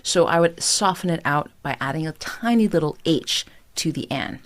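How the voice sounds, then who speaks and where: A woman's voice: low voice, lively intonation, normal speed. A woman singing coach explaining vocal technique with enthusiasm and breaking into sung examples. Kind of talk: vocal lesson with sung demonstrations.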